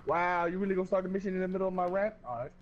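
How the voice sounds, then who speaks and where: A young man playing a game with friends, excitable and profane, shrieking and laughing as things go wrong. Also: high-pitched, very fast, lo-fi sound. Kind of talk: casual gaming banter with friends.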